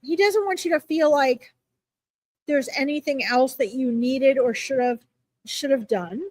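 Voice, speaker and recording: A woman with a high, light voice gives live readings to viewers in a chatty, reassuring way. She fills her pauses with "like" and "um". The sound is close and dry, with no room echo. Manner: chatty, warm reassurance, filler-heavy. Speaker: psychic reader answering viewers.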